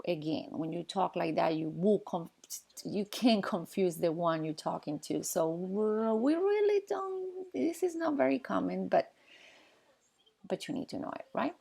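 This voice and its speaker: Slow, patient woman teaching Spanish. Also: mid-range voice, animated, vocal fry, dark tone, husky. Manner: patient, explains slowly, checks in with "okay?"; pauses while writing on the board. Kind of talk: classroom lesson at a whiteboard.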